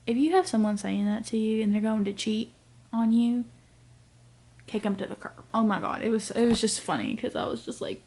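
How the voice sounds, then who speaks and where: Tired young woman chatting quietly at night. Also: fairly high pitch, moderate pace, husky. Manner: chatty, giggly, often drops to a hushed near-whisper. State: tired and sleepy late at night. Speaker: book vlogger. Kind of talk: casual chat to camera. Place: home at night with family nearby.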